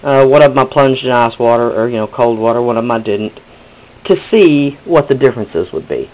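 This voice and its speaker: A man's voice: medium pitch, expressive, a little fast, rough recording. A man hosting a casual crafting tutorial, chatting and correcting himself as he demonstrates. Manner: chatty, rambling with self-corrections.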